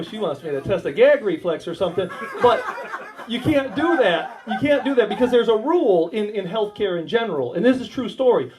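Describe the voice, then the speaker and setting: At a small warehouse comedy night, an American man with an American accent performs crude, rambling stand-up storytelling and acts out the dialogue. His voice sits high and is a little mellow, captured on a rough recording.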